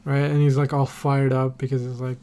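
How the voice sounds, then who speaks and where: A man's voice: mid-range voice, little pitch movement, fairly quick, mellow. A man recapping a TV episode on a podcast in a casual, rambling way, full of fillers and casual swearing. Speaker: podcast host.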